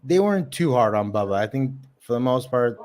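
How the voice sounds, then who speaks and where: Man, mid-pitched, rambling, casual livestream host. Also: expressive, fairly quick, crowd noise. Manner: rambling, many ums and likes.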